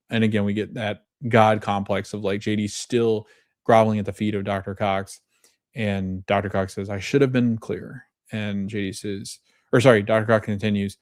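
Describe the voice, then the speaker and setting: A man's voice: lowish voice, little pitch movement, moderate pace, darkish tone, no echo, studio quality. A man hosting a podcast, retelling scenes in casual chat, reading quoted lines and often correcting himself. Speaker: podcast host.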